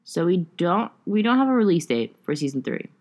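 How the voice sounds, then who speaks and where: A woman's voice: lowish voice, big pitch swings, a little fast, a little mellow. A young woman hosting a casual solo podcast, rambling and chatty with lots of fillers and some swearing. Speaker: podcast host.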